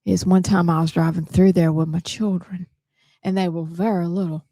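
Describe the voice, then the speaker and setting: A woman's voice: fairly low pitch, steady tone, normal speed, dark tone, no room sound, studio quality. A woman hosting a talk show in a chatty, easy-laughing way. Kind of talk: casual radio chat.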